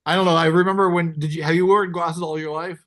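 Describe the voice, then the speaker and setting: A man's voice: fairly high pitch, steady tone, quick pace, fairly bright tone. A man hosting a podcast in casual chat, loose and joking, rambling through restarts. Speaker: podcast host. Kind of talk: casual conversation.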